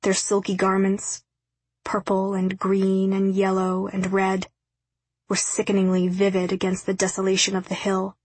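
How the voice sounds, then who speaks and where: A woman narrating an audiobook in a steady, measured reading. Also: mid-range voice, husky, no room sound, poor audio. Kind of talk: scripted narration.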